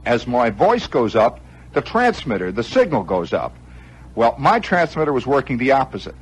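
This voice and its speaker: A man hosting a radio show, telling a long story in an animated way with chuckling asides and acted-out moments. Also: mid-range voice, normal speed, husky, rough recording. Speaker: radio host. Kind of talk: improvised storytelling monologue.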